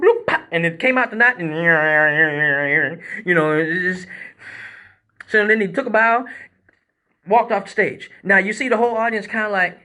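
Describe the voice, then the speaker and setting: A man with a high voice tells a crude story on a live stream. His tone is bright and forceful, and his talk is loose and profane. He acts out the action with sound effects and jumps in pitch. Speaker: male exotic dancer, live-stream host. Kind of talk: comic storytelling, casual chat.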